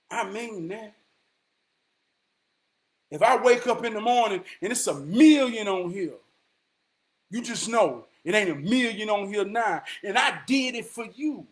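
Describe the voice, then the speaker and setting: High-pitched male vlogger, emphatic street-talk motivator who drops from shouting to near-whisper. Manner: emphatic and preachy, swinging from shouts to hushed tones; repeats lines for emphasis, street slang.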